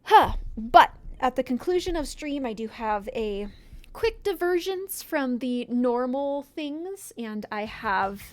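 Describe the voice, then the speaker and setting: A woman's voice: sits high, expressive, takes it slowly, a little mellow. A woman streaming a video game with chatty, giggly, self-mocking casual commentary. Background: faint background music.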